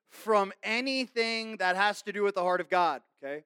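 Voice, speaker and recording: A man preaching a sermon in an earnest, conversational way, checking in with the audience and swinging between emphatic raised lines and soft, quiet asides. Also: high voice, moderate pace, few pauses, smooth, no echo, clean studio sound. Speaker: pastor.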